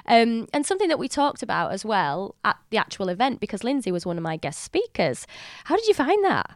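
A bubbly woman hosts a casual chat podcast, with a fairly high voice that stays bright and friendly. The sound is dry and close, with no room around it. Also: sing-song, a little fast, no room sound. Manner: bubbly, chatty, laughs often. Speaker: podcast host.

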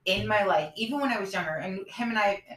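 In an echoey room, a woman in her thirties with a medium-pitched voice talks fast as she co-hosts a casual podcast. She tells a personal story candidly and acts out the lines of the people in it with animated energy.

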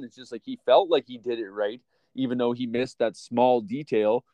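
A man co-hosting a podcast, rambling and full of fillers as he chats like an excited fan. His voice is mid-pitched, and it sounds dry and close to the mic with almost no room sound. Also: normal speed, no echo. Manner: rambling, filler-heavy, enthusiastic fan talk. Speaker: podcast co-host. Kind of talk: casual podcast chat.

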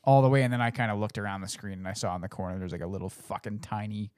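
A man's voice: fairly low pitch, racing, smooth, no room sound, studio quality. A man telling a video game story in casual podcast chat, swearing often and acting out his reactions. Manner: swears a lot, animated storytelling.

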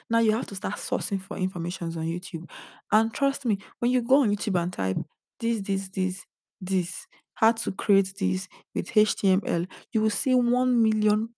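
A young vlogger speaks directly to her viewers in an earnest, confiding way, sounding emotionally drained. Her mid-range voice is mellow with vocal fry, and the clean studio sound has no room tone.

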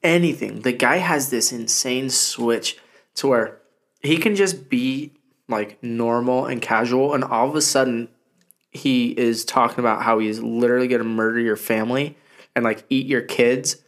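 A young man co-hosting a podcast in loose, casual chat. He swears freely and tells stories with animated energy, at a mid-range pitch. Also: moderate pace. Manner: profane, animated storytelling. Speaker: podcast co-host.

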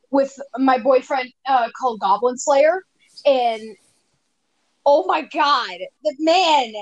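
A woman's voice: high voice, no echo, rough recording. A woman co-hosting a casual podcast chat, teasing and joking with a giggly manner. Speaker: co-host.

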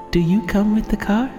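A man's voice: sits high, warm tone, pitched above the performer's own voice, heavily acted. A man putting on a creepy, crooning ASMR host voice in whispered role-play. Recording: long reverb with music behind.

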